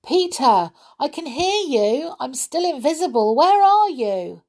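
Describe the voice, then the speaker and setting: A woman voicing an anxious young girl in a storybook, speaking in a high, urgent, tearful way. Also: very animated, a little slow, a little mellow, full character voice. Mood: upset.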